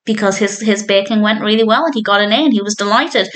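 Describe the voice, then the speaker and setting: A woman's voice: mid-range voice, fast, a bit bright. A woman talking through a TV episode as a reviewer, in an enthusiastic, chatty way and often laughing. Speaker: film and TV reviewer. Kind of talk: casual spoken episode review.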